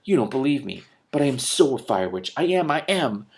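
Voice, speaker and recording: A defiant, hot-tempered young fire witch girl from a storybook, as a man reads her lines. Her voice sits higher and louder than plain narration and snaps out indignant protests. A slight gravelly edge stays underneath. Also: sing-song, moderate pace.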